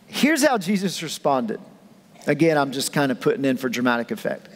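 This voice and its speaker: A man's voice: mid-range voice, very animated, fairly quick. Joking conversational male pastor. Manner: humorous, conversational, acts out scenes. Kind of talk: sermon. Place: church auditorium. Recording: echoey church hall.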